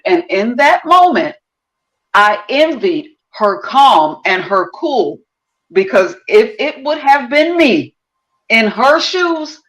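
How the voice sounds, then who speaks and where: A middle-aged woman co-hosting a casual chat, telling a story in an animated way. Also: mid-range voice, poor audio.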